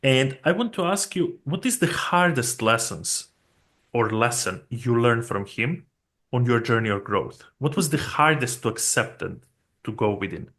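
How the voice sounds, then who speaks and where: A man hosting an interview show, asking measured questions and giving brief reactions. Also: medium pitch, animated, a bit bright. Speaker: podcast host.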